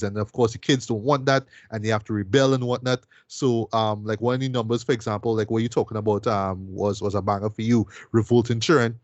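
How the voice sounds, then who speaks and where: A man's voice: fairly low pitch, steady tone, fairly quick, hardly any pauses, a little mellow, no room sound, lo-fi sound. Rambling, enthusiastic man in casual chat. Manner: enthusiastic, rambling, full of fillers and tag questions. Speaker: podcast co-host reviewing a film. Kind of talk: casual film review chat.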